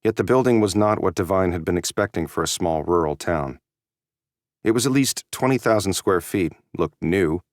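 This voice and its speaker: A man giving a steady, measured scripted narration of an audiobook. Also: sits low, dry recording, clean studio sound.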